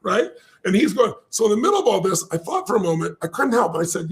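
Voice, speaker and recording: Gravelly older man telling a fast story. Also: sits high. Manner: animated, acts out quoted people in shifting voices. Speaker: guest. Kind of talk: storytelling in a podcast interview.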